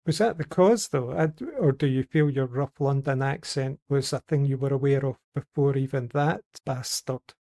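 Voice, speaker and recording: A man's voice: mid-range voice, normal speed, hardly any pauses, warm tone. A Scottish man chatting casually on a podcast, telling rambling anecdotes. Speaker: podcast regular. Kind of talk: casual group chat.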